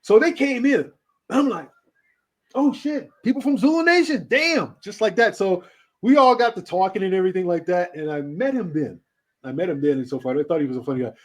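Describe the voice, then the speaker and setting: Animated, laughing man telling stories. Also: high-pitched, fast talker. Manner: animated, laughing, swearing storyteller. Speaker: radio host being interviewed. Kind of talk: casual storytelling interview.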